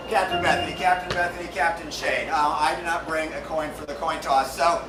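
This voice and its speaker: A man hosting and refereeing a live improv comedy show on a theater stage, playful and jokey, now and then shouting to the crowd. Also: a little high, animated, fairly quick, hardly any pauses, loud music behind the voice. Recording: roomy hall, distant mic, loud noise.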